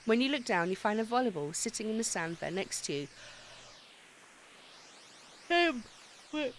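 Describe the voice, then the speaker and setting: A woman streaming a dating game, chatting excitably and swearing freely as she reads the story text aloud. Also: a little high, normal speed, slight background noise. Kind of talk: let's-play commentary and reading game text aloud.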